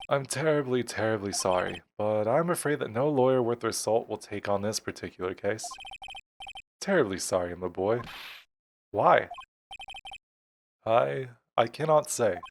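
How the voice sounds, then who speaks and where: A man putting on a pompous old lawyer, low and drawn-out. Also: lively intonation, slight background noise. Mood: grave. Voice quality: low, drawn-out, self-important. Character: pompous older male lawyer, evasive and fussy. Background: game music.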